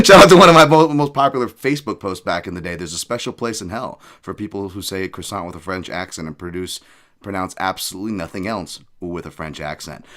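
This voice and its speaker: A man's voice: fairly low pitch, sharp tone, smooth. A man hosting a podcast, rambling casually with jokes and profane asides. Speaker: podcast host.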